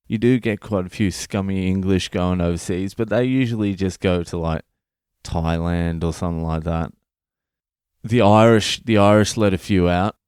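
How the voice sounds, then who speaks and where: A man's voice: sits low, a little mellow, clear, resonant tone, no room sound, studio quality. An Australian man in his thirties, a comedian hosting his own podcast, delivering a profane, ranting comedic monologue.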